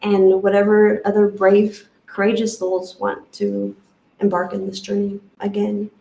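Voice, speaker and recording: Heartfelt rambling woman, gravelly voice. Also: medium pitch, completely flat delivery, measured pace, mellow, roomy sound, rough recording. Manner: rambling, heartfelt, many fillers. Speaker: retreat guest sharing her experience. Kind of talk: emotional personal testimony.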